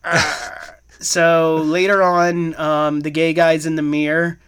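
A man's voice: on the high side, flat delivery, takes it slowly, fairly bright tone, smooth. A young man co-hosting a casual podcast, retelling a movie plot with lots of filler words. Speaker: podcast co-host recapping a movie.

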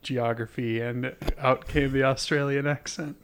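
A man with an average-pitched voice hosts a relaxed podcast conversation. He talks freely and laughs easily with his friends. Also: measured pace, clean tone. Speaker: podcast host. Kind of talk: casual chat.

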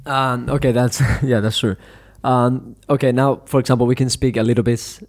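A man's voice: medium pitch, little pitch movement, moderate pace. Rambling man asking interview questions. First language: Spanish. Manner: friendly, rambling questions full of fillers. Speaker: podcast host, English teacher. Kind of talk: casual interview.

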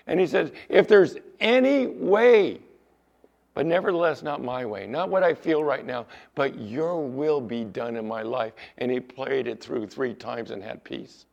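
A male pastor preaching a sermon, emphatic at times and dropping to a soft storytelling voice. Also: medium pitch, creaky. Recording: dull lo-fi sound.

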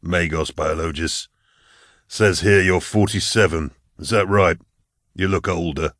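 A robust, blunt enforcer questions in a curt, cold manner, his voice low and heavy, as a reader puts him on. The tone is interrogating, as in an audiobook. Close, dry recording. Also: unhurried, fairly bright tone, dry recording. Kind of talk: audiobook character voice.

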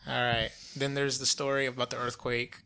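A man's voice: medium pitch, level tone, a little fast, sharp tone, clean tone. A man interviewing his older brother in a casual chat, curious and prompting, with frequent hesitant fillers.

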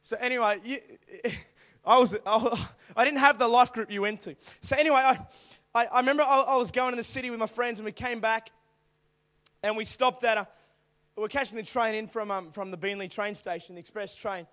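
A young man preaching to a youth group through animated personal stories, acting out voices and now and then bursting into shouts. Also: very high-pitched, fairly quick. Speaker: youth speaker. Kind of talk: storytelling youth sermon.

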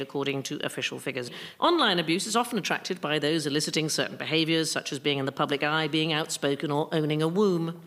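Deadpan woman hosting a comedy quiz. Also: on the low side. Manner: dry, deadpan punchlines. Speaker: quiz show host. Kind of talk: scripted comic news reading. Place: studio before a laughing audience.

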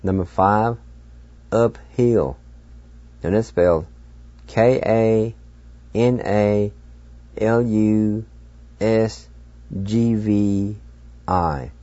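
A man hosting a radio language lesson, patiently spelling out words letter by letter and pronouncing each one slowly. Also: fairly low pitch, mellow, no echo, dull audio. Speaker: radio language teacher and host.

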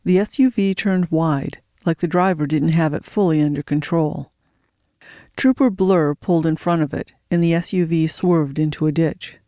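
A narrator reading a thriller audiobook in a steady storytelling voice, slowing for suspense. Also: medium pitch, no room sound, studio quality.

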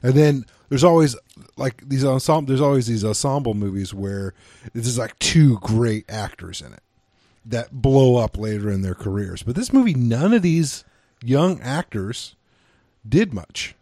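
A man co-hosting a movie review podcast in casual chat. His voice sits at a middle pitch, close and dry with no room around it. He stops and restarts often, circling back as he works out his point. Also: expressive, mellow, no echo. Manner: halting, lots of fillers and restarts. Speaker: podcast co-host.

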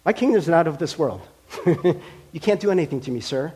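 A man doing a calm, quietly certain teacher. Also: a little high, a little fast, slightly rough. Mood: serene. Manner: calm, soft, brief. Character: serene, unbothered male teacher, quietly certain.

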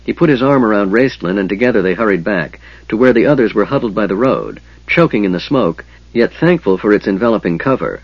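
Low husky guy reading fantasy, lively delivery, dry kinda dull recording. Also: fairly quick, hardly any pauses, no echo. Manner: expressive storytelling. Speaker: audiobook narrator. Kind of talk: scripted fantasy narration.

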